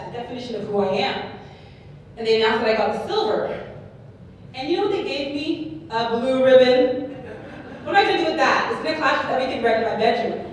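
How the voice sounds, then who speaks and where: A woman giving a keynote speech, telling her story in a lively way and often checking in with the audience. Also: fairly high pitch, slight background noise. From Canada. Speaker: keynote speaker. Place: large hall before an audience. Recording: echoey hall, mic far off.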